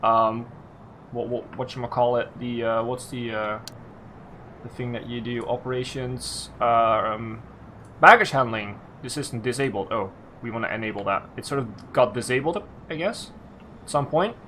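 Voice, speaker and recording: Male let's-play host, mid-pitched, rambling commentary with frequent restarts and self-corrections. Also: moderate pace, bright, forceful tone, slight background noise. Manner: thinks aloud, restarts and self-corrects often. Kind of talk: casual game commentary.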